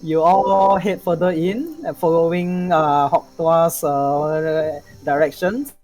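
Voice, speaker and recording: A woman narrating a tabletop game as game master, describing scenes in a halting way with frequent restarts. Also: sits low, steady tone, darkish tone, faint music behind, poor audio.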